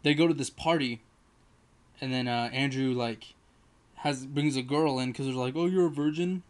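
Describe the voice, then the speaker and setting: Man, casual movie review, rambling with fillers, monotone, smooth voice. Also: mid-range voice, moderate pace. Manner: rambling retelling full of fillers.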